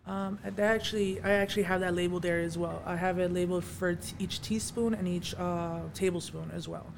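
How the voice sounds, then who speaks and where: A woman's voice: lowish voice, a little fast, vocal fry, a little hiss or hum. Laughing woman telling stories, casual chat. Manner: laughs often, animated storytelling. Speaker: guest, cannabis product maker.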